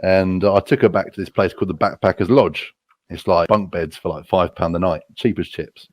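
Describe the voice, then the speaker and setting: A man's voice: deep voice, fairly even intonation, moderate pace, no room sound. A British man telling rowdy stories casually, swearing a lot and laughing at himself. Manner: crude, profane, laughing at his own stories. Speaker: storyteller.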